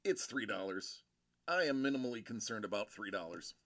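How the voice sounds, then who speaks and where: His voice sits on the low side, expressive and fairly bright, and he talks a little fast with no room sound. He's a man hosting a laid-back collectibles live stream, joking and rambling through comments and repeatedly breaking off to restart.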